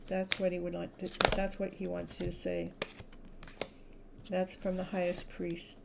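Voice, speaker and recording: A woman's voice: lowish voice, monotone, unhurried, gravelly, long pauses, very noisy. A woman from California giving a live-stream tarot reading, speaking in soothing spiritual affirmations and laughing often. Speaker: tarot reader.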